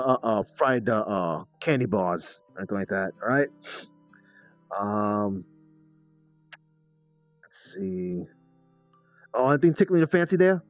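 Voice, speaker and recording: A man's voice: on the low side, no room sound, muffled recording, pitched below the performer's own voice. A man voicing a brusque male food truck vendor with a put-on New York accent, calling out to customers in a role-play game. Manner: brusque, repeats "listen" and "kid".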